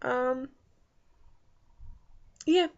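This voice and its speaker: A woman's voice: high voice, very slow, clean tone, highs cut off. A woman giving a casual spoken movie review, rambling with many fillers and restarts. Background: faint background noises.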